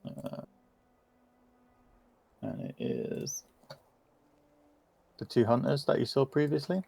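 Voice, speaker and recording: A man narrating a tabletop game as game master in a relaxed, descriptive way. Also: mid-range voice, slow, creaky, slightly rough.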